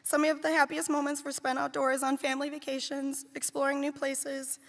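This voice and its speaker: A woman with a high, bright, gravelly voice reads a heartfelt eulogy for children she cared for, speaking with tender fondness. Her words carry a long reverb from a large hall. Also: little pitch movement, a little fast. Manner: heartfelt, tender, fond storytelling. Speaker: nanny giving a eulogy. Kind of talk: read memorial speech.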